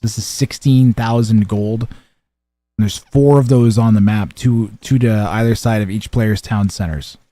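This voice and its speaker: A man's voice: lowish voice, unhurried, dark tone, dry recording. A young man streaming a strategy game, chatting casually with viewers and commentating, rambling with lots of fillers and restarts.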